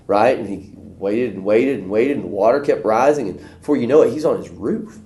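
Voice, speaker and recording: A man teaching a church video lesson, telling folksy stories and acting out voices in a high, excited tone. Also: brisk, few pauses. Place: church room. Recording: echoey room.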